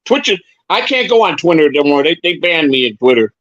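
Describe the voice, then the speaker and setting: A high-voiced man rambles through stories, tripping and repeating his words as he goes. His voice sounds dull and lo-fi, and very dry, with no room around it. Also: very animated, fairly quick, fairly bright tone, no echo. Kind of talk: casual chat.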